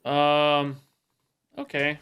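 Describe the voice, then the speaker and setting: A man's voice: a little high, completely flat delivery, extremely slow, fairly bright tone, slight background noise. A man streaming live, commenting on his gameplay, thinking aloud and picking apart his own moves. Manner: thinks aloud, self-critical, repeats himself. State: sore and tired from sport. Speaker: game streamer.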